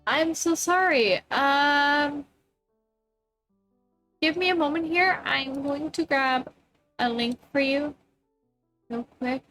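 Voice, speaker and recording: Slow-talking woman streamer, mildly higher voice. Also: a bit bright, soft background music. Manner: distracted, mutters and swears at tech trouble. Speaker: live streamer. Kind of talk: casual live-stream chat.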